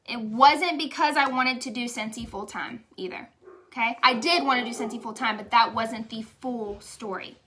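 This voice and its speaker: A woman's voice: on the high side, moderate pace, pushed and bright, slight background noise. A young woman giving a candid, emotional motivational testimonial, chatty and saying y'all. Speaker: direct sales leader.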